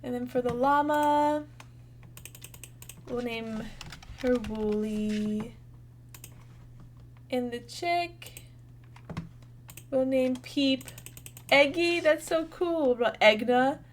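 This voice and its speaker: A woman in her twenties chats her way through a farming game, bubbly and thinking out loud to her viewers. Her voice sits a little high and she talks at an easy, unhurried pace. Faint keyboard tapping ticks along behind her. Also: slight background noise. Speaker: gaming channel host. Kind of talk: casual gameplay commentary.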